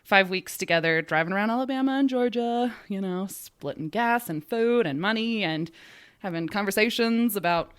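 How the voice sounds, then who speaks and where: A woman's voice: medium pitch, normal speed, clear, resonant tone. A woman hosting a casual podcast, telling a history story in a chatty way and acting out quotes. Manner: chatty, animated, acts out quotes.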